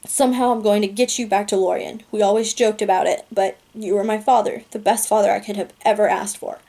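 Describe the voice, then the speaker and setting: A woman voicing a grieving teenage boy, hushed. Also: medium pitch, steady tone, brisk, creaky. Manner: hushed, heartfelt.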